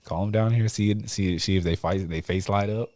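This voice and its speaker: A man hosting a casual podcast chat, telling animated stories with frequent laughs and casual swearing. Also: on the low side, normal speed, no room sound. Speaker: podcast host.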